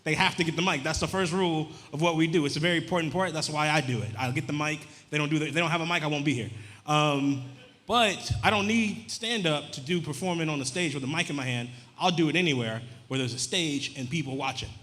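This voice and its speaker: Fast deadpan comedian. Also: male voice, fairly high pitch, long reverb tail. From Louisiana. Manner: deadpan, rambling, dry delivery. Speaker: stand-up comedian. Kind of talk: stand-up comedy set. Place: comedy club stage. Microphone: handheld stage mic.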